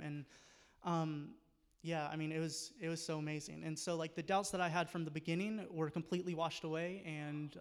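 A man giving an earnest, halting testimony in church, full of fillers. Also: fairly high pitch, smooth. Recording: reverberant church hall.

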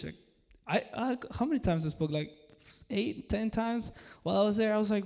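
A man from Peru telling the church an animated testimony, getting loud and excited. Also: a little high, a little fast. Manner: excitable, swings into loud exclaiming. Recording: reverberant church hall.

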